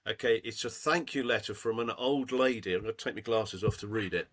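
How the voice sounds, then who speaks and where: A man's voice: lowish voice, a little fast, a bit bright. A man in casual chat, reading a letter aloud to friends and building playfully to a punchline.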